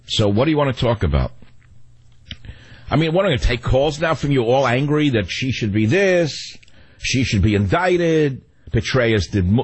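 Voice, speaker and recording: Talk radio host, man, husky voice, sarcastic rant with big pitch swings. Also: rough recording.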